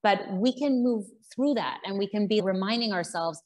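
A woman's voice: mid-range voice, moderate pace, darkish tone. Earnest woman explaining parenting ideas. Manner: earnest, explains with examples and quotes. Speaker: parenting coach, guest. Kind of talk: explanatory podcast conversation.

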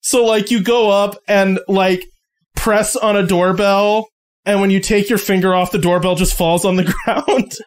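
A man's voice: high-pitched, steady tone, unhurried. A man narrating a tabletop game as game master, casual and rambling with lots of fillers.

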